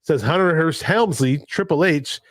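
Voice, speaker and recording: Hosting a casual late-night livestream, a man rambles and jumps from one story to the next. His voice is on the high side at a normal speed, picked up by a home streaming mic with no echo.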